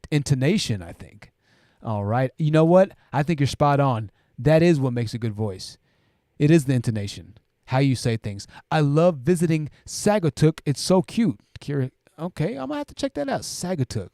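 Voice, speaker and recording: A livestream host, male, reads viewer comments aloud and chats about them in a warm, mid-range voice that's very animated and a little fast. He keeps tagging sentences with "right?", restarts his phrases, and repeats himself. The recording is dry, with clean studio sound.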